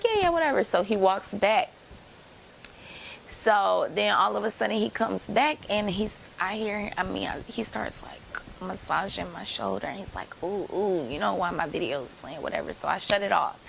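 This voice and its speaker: A woman in her late twenties tells a story from her own life to her viewers in a casual, rambling way. Her voice at a mid pitch carries a strong gravelly fry throughout. She talks close to the camera, a faint hiss underneath. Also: a little slow, fairly bright tone, low-quality recording. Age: late 20s. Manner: chatty, rambling, addresses viewers as y'all. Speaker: vlogger telling a personal story.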